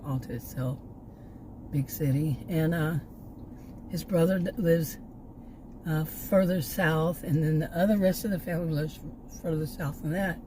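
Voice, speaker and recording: With a deep voice and a measured pace, an older woman from Texas, United States, vlogs casually about her life. She rambles, starts over many times, adds asides and sounds a bit short of breath, while the background is noisy.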